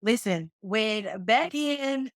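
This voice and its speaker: A woman in her thirties from Dallas, a comedian guest telling a story in a casual, animated interview over a call. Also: on the high side, drawn-out words, dry recording, low-quality recording. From Dallas, Texas. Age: 30s. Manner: joking, animated storyteller with playful asides. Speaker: guest, comedian and flight attendant. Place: remote call.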